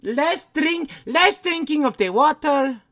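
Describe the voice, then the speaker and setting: A man's voice: a little high, fairly even intonation, racing, fairly bright tone, clean tone, no room sound, studio quality, close to an everyday voice. A man putting on a vain noblewoman killer. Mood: mock-grand. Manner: mock-grand, playfully sinister put-on voice. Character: Lady Báthory, vain cruel noblewoman.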